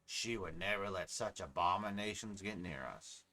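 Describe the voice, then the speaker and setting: A man's voice: deep voice, moderate pace, sharp tone. A man voicing a friendly middle-aged village fisherman, talking in a plain, homely way. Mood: warm.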